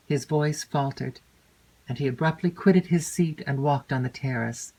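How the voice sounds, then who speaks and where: A woman narrating a classic novel aloud in a measured, expressive way. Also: rumbling low, poor audio. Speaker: audiobook narrator.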